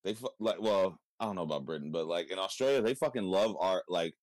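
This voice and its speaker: A man from California with a Californian accent, chatting casually in a relaxed way, swearing and laughing a lot. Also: low voice, fast talker, no echo. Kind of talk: casual chat.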